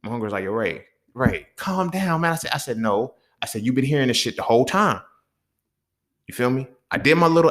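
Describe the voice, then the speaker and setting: A man's voice: a little high, expressive, fast. A young man hosting a podcast, talking blunt and fired up in a profane, casual monologue. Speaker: podcast host.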